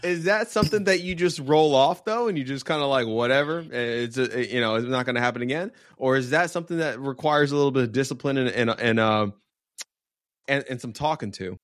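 A man's voice: medium pitch, fairly quick, no echo. Man, podcast host, casual chat, giggly, rambling, dry sound. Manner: laughing often, rambling with restarts.

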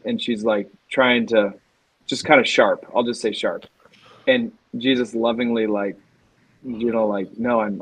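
A man's voice: on the low side, husky, no echo, rough recording. A man co-hosting a faith podcast, retelling a scene at length in a rambling, emotional way. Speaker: podcast co-host. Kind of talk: casual faith chat.

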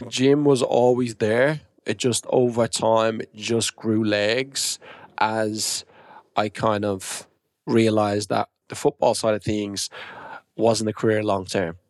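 A man's voice: mid-range voice, steady tone, slow, no room sound, clean studio sound. A young Irish man, founder of a gym business, chatting casually on a podcast and acting out the dialogue in his stories. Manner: storytelling, acting out quoted dialogue.

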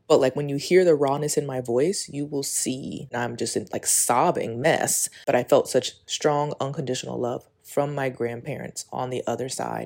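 A woman in her thirties with a very deep, mellow voice speaks at a moderate pace, recorded on a phone outdoors, on a walk or in a park. She's hosting her own podcast, giving a casual spoken intro and monologue that's candid, rambling and full of fillers.

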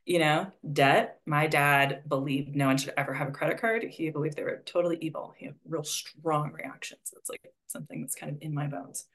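A woman's voice: sits low, fairly even intonation, a little fast, few pauses, fairly bright tone. A woman coaching a conversation about money beliefs, speaking reflectively and prompting with questions between fillers. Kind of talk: guided conversation.

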